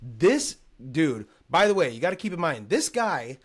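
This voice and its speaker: A man's voice: a little high, very animated, normal speed, slightly rough. Male podcast host, heated profane rant, casual chat.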